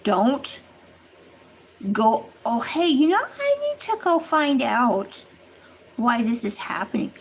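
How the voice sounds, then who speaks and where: In this poor-quality clip with slight background noise, a woman with a creaky, medium-pitched voice hosts a livestream. She chats to her live audience in a casual yet earnest way, addressing them directly and rambling through her warnings.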